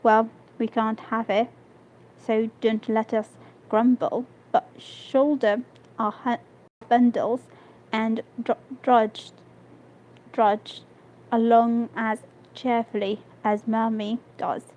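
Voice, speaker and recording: A woman's voice: fairly high pitch, flat delivery, darkish tone. Woman reading as a restless tomboy girl. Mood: wistful. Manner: halting, stumbles over words. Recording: dull lo-fi stream audio.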